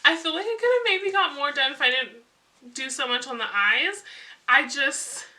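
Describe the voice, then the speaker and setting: A young woman vlogging casually to camera, flustered and rushed, laughing at herself. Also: high voice, bright, forceful tone, recorded from a distance. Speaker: beauty vlogger.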